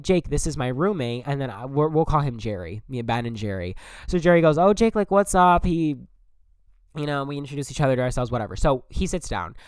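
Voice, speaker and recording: A young man casually telling a story to his camera, blunt and profane with animated asides. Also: mid-range voice, smooth, no room sound. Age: young adult. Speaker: vlogger.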